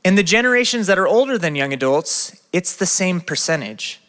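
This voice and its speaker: A man preaching a lively sermon, asking his listeners question after question. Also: sits high, fairly quick. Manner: lively, asks the crowd many questions. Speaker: pastor. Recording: long reverb of a hall.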